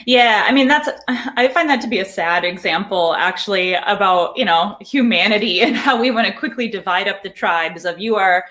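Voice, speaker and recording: A woman's voice: mid-range voice, normal speed, few pauses, a bit bright. A middle-aged woman, a psychology professor, answering interview questions in a thoughtful, explanatory way, sometimes repeating words as she thinks.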